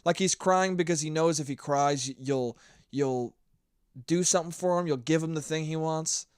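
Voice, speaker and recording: A man's voice: fairly high pitch, normal speed, clean tone, no echo, clean studio sound. A young man hosting a solo podcast, telling stories in a blunt, profane rant. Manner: blunt, profane, ranting storyteller. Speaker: podcast host.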